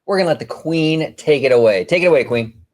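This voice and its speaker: A man hosting a casual theme-park podcast, venting in an exasperated, animated way with lots of fillers. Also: on the high side, quick pace. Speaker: podcast host. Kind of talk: casual chat.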